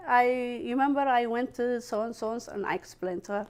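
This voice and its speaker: Lively woman telling a personal story. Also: fairly high pitch, normal speed, hardly any pauses, clean tone. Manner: animated, acts out quoted voices, laughs often. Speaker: storyteller guest. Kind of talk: personal storytelling at a live event.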